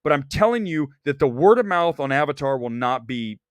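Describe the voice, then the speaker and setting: A man hosting a movie talk show, giving blunt, animated opinions with bursts of laughter. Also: on the high side, brisk, clear, resonant tone, no room sound. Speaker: podcast host and film critic. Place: Los Angeles studio.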